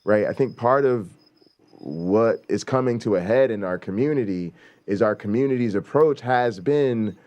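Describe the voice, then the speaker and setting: A man's voice: lowish voice, normal speed, darkish tone. A man hosting a talk show in casual commentary, blunt and emphatic, swearing freely and often checking in with a rhetorical "right?".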